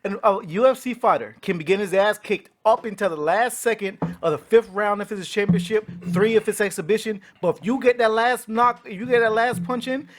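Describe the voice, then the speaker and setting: A man's voice: high voice, brisk, hardly any pauses. A man co-hosting a podcast, talking bluntly and swearing in casual chat. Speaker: podcast co-host.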